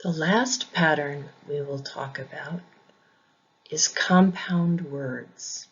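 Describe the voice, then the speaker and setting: A woman with a low, husky voice teaches English pronunciation in a scripted lesson, deliberately saying each example word twice. The sound is lo-fi.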